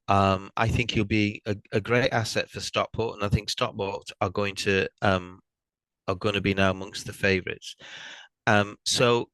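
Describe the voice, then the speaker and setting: A middle-aged Welsh man guesting on a podcast, speaking in a thoughtful, hesitant way with many pauses. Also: on the low side, a bit bright, no echo, rough recording. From Wales. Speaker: guest fan. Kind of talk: casual podcast chat.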